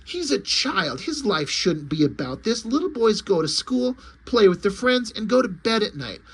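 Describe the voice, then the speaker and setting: A man reading the lines of a compassionate but stern adult male superhero, in a husky, fairly high voice. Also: big pitch swings, moderate pace, fairly bright tone, heavily acted.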